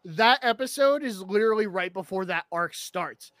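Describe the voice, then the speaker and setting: High, bright-voiced young man chatting. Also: moderate pace, no echo. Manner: rambling, animated, laughs often. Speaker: podcast co-host. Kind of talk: casual chat about an anime.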